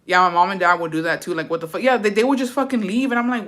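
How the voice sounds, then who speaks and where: A woman's voice: medium pitch, rapid-fire, few pauses. A woman vlogger who reads viewer comments aloud and reacts, telling her own stories in a blunt, slangy, profanity-heavy way. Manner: animated storytelling.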